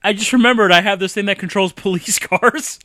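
A man's voice: high voice, a little fast, pushed and bright, no echo, studio quality. Laughing, crude man riffing on a movie. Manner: crude, laughs often, breaks into goofy voices. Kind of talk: casual comedic movie riffing.

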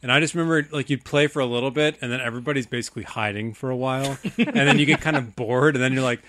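Bright-voiced man telling a rambling story. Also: medium pitch, quick pace. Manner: rambling storyteller, laughing often. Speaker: podcast co-host. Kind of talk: casual chat.

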